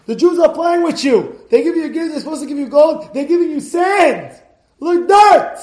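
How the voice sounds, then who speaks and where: A man's voice: very high voice, expressive, moderate pace, a little mellow, pitched above the performer's own voice. An enraged Roman emperor bellows threats in a raised, strained voice, as a man telling a story puts him on. The sound rings around a reverberant room. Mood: furious. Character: furious shouting Roman emperor, male.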